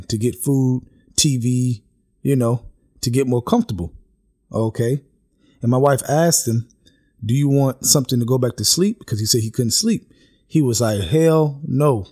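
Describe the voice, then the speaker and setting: A man's voice: mid-range voice, mellow. A man giving an earnest, casual spoken testimony, often stopping to check in with his listeners. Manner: earnest, repeats "okay?" and "man" for emphasis. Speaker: religious vlogger giving a testimony.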